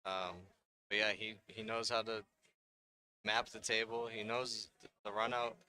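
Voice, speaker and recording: A man's voice: lowish voice, level tone, a little slow, pushed and bright. A man with a Northeastern Pennsylvania accent, co-commentating a pool match with brief, matter-of-fact remarks. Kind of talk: live sports commentary.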